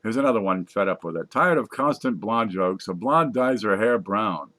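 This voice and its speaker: Guy reading jokes off a sheet, voice jumps up and down a lot, casual. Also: moderate pace. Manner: reads jokes aloud from a page, lively, putting on squeaky voices for punchlines. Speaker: joke reader.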